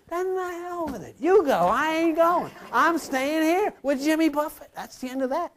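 An older man gives a rambling, folksy sermon to a live room. His voice rises and falls widely as he jokes and teases the congregation. He swings from loud asides to low murmurs. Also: expressive, moderate pace, few pauses. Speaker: preacher.

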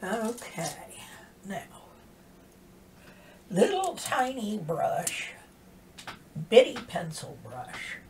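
Slow, soft-spoken woman in her 60s. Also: mid-range voice, sing-song. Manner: soft-spoken, drifting into half-whispers while working. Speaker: makeup vlogger. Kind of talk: casual makeup tutorial chat. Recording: distant mic with faint background hiss.

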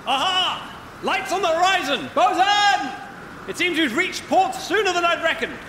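A man's voice: very high-pitched, lively intonation, normal speed, pushed and bright, slight background noise, exaggerated voice. A man playing a pompous, exasperated ship's captain who barks orders in a comic sketch. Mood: confident. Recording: roomy hall with audible ambience.

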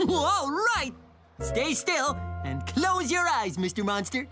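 A woman's voice: high voice, sing-song, slow pace, heavily acted. A woman voicing a small, bubbly, playful cartoon hero in a children's show. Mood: reassuring. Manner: bubbly, playful, sing-song. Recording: cartoon soundtrack with music.

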